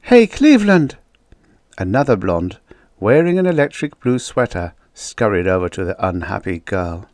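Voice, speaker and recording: A man reading a vintage science fiction short story aloud as an audiobook narrator, in a measured storytelling manner. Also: low-pitched, dry recording, clean studio sound.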